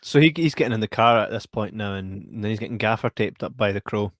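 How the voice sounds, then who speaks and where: A young man co-hosting a podcast, laughing often and acting out film scenes with loud yelps. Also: fairly low pitch, fast, dry recording, studio quality. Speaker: podcast co-host. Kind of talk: casual podcast chat.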